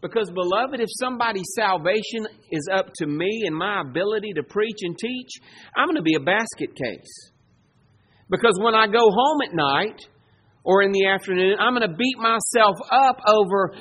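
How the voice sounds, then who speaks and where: A man preaching a sermon as pastor, swinging between loud emphasis and soft asides. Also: high-pitched, expressive, moderate pace.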